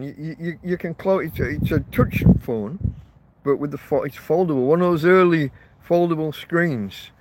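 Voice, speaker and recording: A man rambling casually to his viewers, recorded outdoors in a windy field on a phone. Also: a little high. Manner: rambling, self-correcting, chatty. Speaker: vlogger living rough in a field camp. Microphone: phone held in portrait mode. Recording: wind and faint outdoor noise on a phone.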